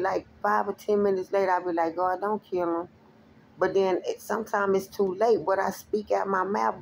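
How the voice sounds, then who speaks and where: A woman's voice: medium pitch, darkish tone, a little hiss or hum. A woman who does spiritual readings, talking straight to her viewers in a blunt, profane, emphatic rant. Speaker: spiritual reader. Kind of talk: direct-to-camera rant.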